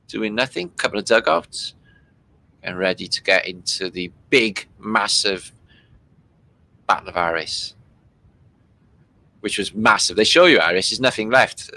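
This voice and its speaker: Casual host, male, from Britain; bright tone, loose delivery, swears a lot. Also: fairly low pitch. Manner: loose and chatty, swearing freely, many fillers. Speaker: host commenting on archive war footage. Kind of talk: casual running commentary.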